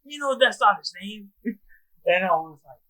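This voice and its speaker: Excitable high-voiced man, bright tone. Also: moderate pace, rough recording. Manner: excitable, swears a lot, acts out game scenes. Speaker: podcast co-host. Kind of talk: casual chat.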